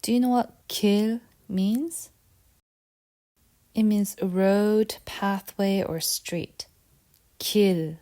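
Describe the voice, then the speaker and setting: Mellow-voiced woman teaching vocabulary. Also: medium pitch, fairly even intonation, slow pace, long pauses. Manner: patient and repetitive, asks quiz questions. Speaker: Korean language teacher. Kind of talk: lesson.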